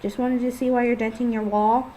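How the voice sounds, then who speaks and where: A woman's voice: on the high side, level tone, brisk, dark tone, slight background noise, close to an everyday voice, rough recording. A woman voicing a brash, cocky young male killer who talks bluntly, in a read-aloud story. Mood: offhand.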